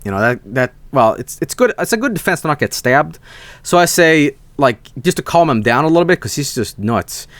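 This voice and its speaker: A man's voice: fairly high pitch, very animated, a little fast, a bit bright, dry recording. A man streaming, telling a rambling, profane anecdote in casual storytelling style.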